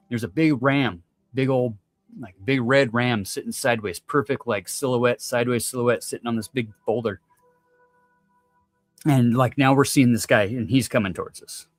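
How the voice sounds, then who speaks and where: A man spins a rambling story in relaxed slang, cursing as he goes, his voice sitting in a middle pitch. The sound is close and dry, with soft music faintly underneath. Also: no room sound. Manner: laid-back slangy, swears, acts out voices loudly. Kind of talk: casual storytelling.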